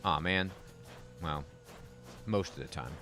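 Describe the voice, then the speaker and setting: A man's voice: deep voice, slow pace, pushed and bright, soft background music. A man giving casual, chatty commentary while playing a video game and reacting aloud to the action. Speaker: game streamer.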